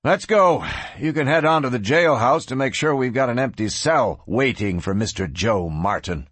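A man doing a clipped, steady sheriff. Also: mid-range voice, normal speed, slightly rough, no room sound. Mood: commanding.

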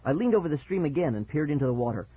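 A man tells a first-person children's scare story with a lively, dramatic delivery. His voice has a husky grain. The sound is dry and narrow, like a phone line. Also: a little high, very fast, no echo. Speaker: audiobook narrator.

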